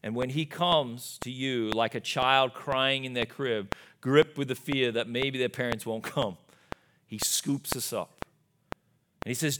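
A man's voice: medium pitch, measured pace. A male pastor preaching a sermon in a church, emphatic, with frequent rhetorical asides to the congregation. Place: church sanctuary. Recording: live church recording with background noise.

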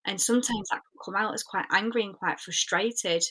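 A woman's voice: medium pitch, normal speed, sharp tone, husky. A young woman, a spiritual coach, talking earnestly and reflectively in a podcast interview, with many fillers.

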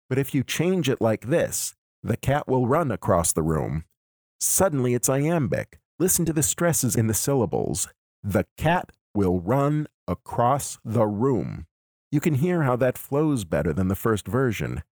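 A man hosting a podcast, giving a measured, analytical lecture. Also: medium pitch, a little mellow, no room sound, clean studio sound. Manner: measured, explanatory. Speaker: podcast host.

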